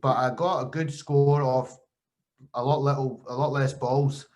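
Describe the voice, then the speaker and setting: A man's voice: medium pitch, measured pace. Storytelling Scottish-born man, casual chat. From Scotland. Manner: animated storytelling with quoted voices. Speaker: podcast host and former cricketer.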